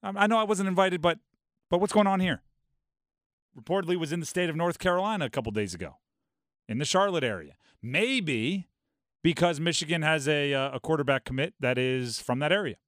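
A man hosting a sports talk radio show, talking in an animated, quick way and dropping into mock voices for bits. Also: fairly high pitch, no room sound, clean studio sound. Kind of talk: casual sports talk monologue.

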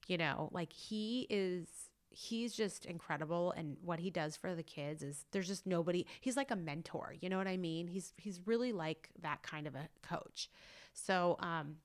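A woman's voice: fairly low pitch, moderate pace. A woman hosting a podcast, gushing and rambling as she tells a story, saying "like" a lot. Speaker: podcast host. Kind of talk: casual chat.

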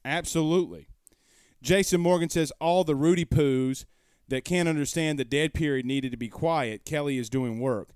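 Emphatic man, smooth dry voice. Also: on the high side, moderate pace, a little mellow, dry recording. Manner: emphatic, argumentative, rhetorical questions. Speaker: sports talk show host. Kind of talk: casual live-stream commentary. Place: home room.

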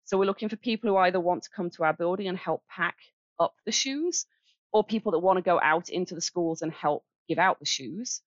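A woman's voice: fairly low pitch, no room sound, lo-fi sound. Woman with a Birmingham English accent. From England. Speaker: charity director. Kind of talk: casual interview chat.

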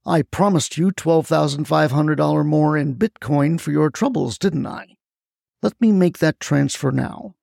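A man voicing a scheming male landfill mogul who talks in a calm, smooth, persuasive way. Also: a little high, a little slow, no echo, clean studio sound.

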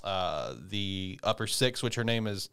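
This anime recap comes from a man whose voice is clear, resonant and a bit bright, his delivery expressive yet unhurried. Rambling and cursing, he pops into squeaky falsetto to imitate the characters.

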